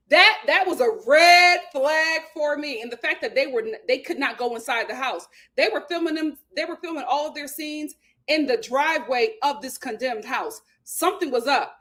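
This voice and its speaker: A high-voiced woman hosts a reality TV recap. Her pitch swings all over as she gives opinions straight to her viewers. She reads out their comments in a chatty style. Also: animated, normal speed, sharp tone. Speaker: host. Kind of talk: casual reality TV recap chat.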